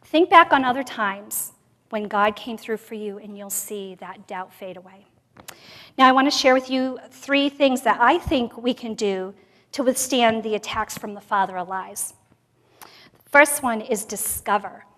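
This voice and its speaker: A woman with a fairly high voice gives a sermon at a women's conference, mixing personal testimony with scripture. She drops to near-whispers and then rises to emphatic bursts. Her voice rings with the long reverb of a church sanctuary. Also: unhurried. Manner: expressive, swings from soft to loud. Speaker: conference speaker.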